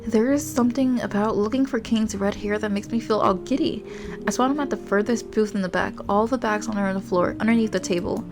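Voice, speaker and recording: A woman's voice: mid-range voice, brisk. A young woman streamer reading a romance game aloud. She giggles and drifts into rambling asides. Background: game music.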